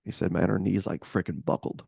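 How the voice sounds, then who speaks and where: A man co-hosting a podcast, telling a story in a casual, animated way. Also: sits low, fairly quick, gravelly, breathy edge, no echo, studio quality. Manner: animated, acts out voices. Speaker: podcast co-host.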